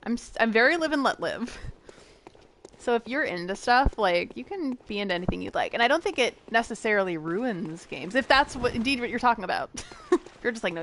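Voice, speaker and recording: A young American woman talks casually with viewers while streaming a game, rambling and giggling throughout. She has a fairly high, slightly bright voice, and the recording carries a little hiss or hum.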